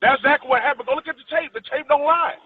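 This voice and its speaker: A man's voice: very high voice, steady tone, racing, no room sound. A man who is a boxer, arguing angrily and profanely as a call-in guest, insisting on his point. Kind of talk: heated call-in argument. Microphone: phone call. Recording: tinny phone line.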